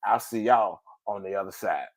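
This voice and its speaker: A man hosting a podcast in a motivational monologue, colloquial and preachy, calling out "ooh" and swinging between loud and soft. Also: normal speed. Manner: preachy, exclaims "ooh", big swings in pitch and volume; colloquial, addresses listeners as family. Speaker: podcast host.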